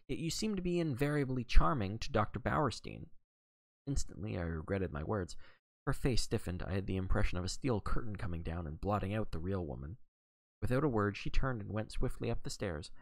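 A man reading a novel aloud on a livestream, steady, with occasional slips he corrects. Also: fairly low pitch, dry recording. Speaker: audiobook reader.

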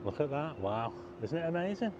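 A man's voice: a little high, big pitch swings, a little fast, a little mellow, dull audio, slight background noise. A man giving a chatty, rambling walking-tour commentary outdoors at night, pointing things out to his viewers. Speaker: vlogger. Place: outdoors, car park roof and town streets at night.

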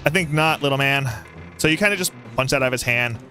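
Bright, excitable young male gamer. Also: medium pitch, fast talker, soft background music. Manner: excitable, yelling and taunting the boss. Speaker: gaming YouTuber. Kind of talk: let's play commentary.

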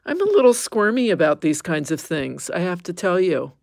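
A woman's voice: lowish voice, very animated, moderate pace, creaky, a little mellow, no echo, clean studio sound. A woman hosting a casual craft livestream, chatting with viewers, easily amused and squeamish, laughing and exclaiming. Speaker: livestream host.

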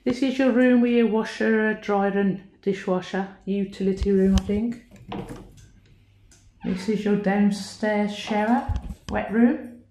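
A woman's voice: mid-range voice, fairly even intonation, warm tone, a little hiss or hum. A woman giving a chatty house tour on her phone, admiring each room, often out of breath. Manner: chatty, admiring, slow, pausing with ums. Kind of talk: casual house tour narration.

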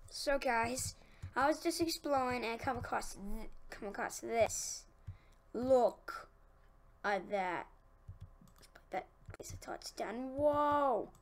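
A woman giving casual let's-play commentary, excitable and talking to herself as she plays. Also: fairly high pitch, takes it slowly, long pauses. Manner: excitable, talks to herself, easily annoyed. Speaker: gaming youtuber.

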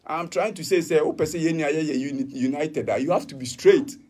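A man's voice: a little high, fairly quick, a little mellow, breathy edge. A Ghanaian man answering interview questions, defiant and emphatic, switching between English and Twi. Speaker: musician interviewee.

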